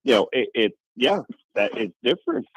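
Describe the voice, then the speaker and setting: A man's voice: medium pitch, sing-song, moderate pace, creaky, husky, no echo, low-quality recording. A man co-hosting a podcast in a laid-back, teasing way. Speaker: podcast co-host. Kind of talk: casual chat.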